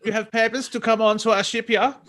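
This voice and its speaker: A man voicing an officious male alien guard in a mock German accent, high and playful. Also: level tone, fast, fairly bright tone. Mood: teasing.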